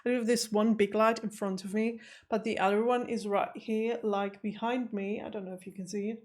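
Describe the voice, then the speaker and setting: A woman, hosting a reaction video in casual, rambling chat with frequent laughter, recorded in a dim room at home. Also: on the high side. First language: German. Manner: chatty, laughs often, rambling asides.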